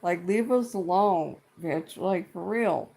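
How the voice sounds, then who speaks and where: Slow-talking blunt middle-aged ranter. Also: medium pitch, creaky, darkish tone. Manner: blunt and exasperated, heavy swearing, repeats itself. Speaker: vlogger. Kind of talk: casual profane rant to camera.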